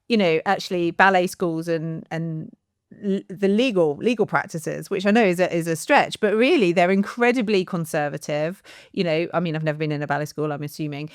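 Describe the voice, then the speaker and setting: A woman's voice: fairly low pitch, clear, resonant tone, no room sound, studio quality. A woman hosting a podcast, chatty and self-deprecating, with frequent fillers and restarts. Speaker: podcast host. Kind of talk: casual interview chat.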